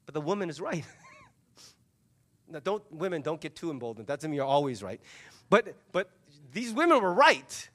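Animated high-voiced male preacher. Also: normal speed, long pauses. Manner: animated storytelling, acting out voices of the people in the story. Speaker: pastor. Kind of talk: sermon.

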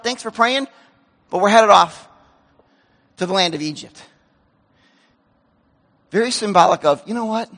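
Male pastor preaching, very high voice, sharp bright tone, animated delivery, acts out voices, long hall reverb. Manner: animated, acts out dialogue, swings from loud to hushed. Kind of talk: sermon. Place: church sanctuary.

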